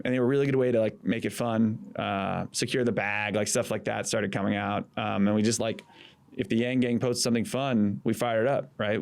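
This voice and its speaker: A former campaign manager in his thirties tells animated stories in casual podcast chat, acting out quotes and swearing freely. He has a mid-range, gravelly voice.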